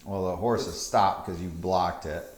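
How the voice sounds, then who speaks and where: A man's voice: sits low, moderate pace. Casual roomy game master, man. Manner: casual, hedging with "like" and "kinda". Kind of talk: narrating a tabletop game. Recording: echoey room.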